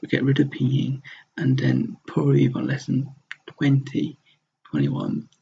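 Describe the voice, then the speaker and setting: Man, language teacher, gravelly husky voice, mellow, dull lo-fi recording. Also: mid-range voice, slight background noise. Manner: explains step by step, repeats words to model pronunciation. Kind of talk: recorded slide lesson. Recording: dull lo-fi sound.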